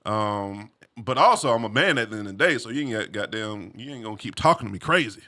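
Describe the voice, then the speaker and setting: A man casually telling a personal story, animated, full of slang and "you feel me" asides. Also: fairly low pitch, quick pace.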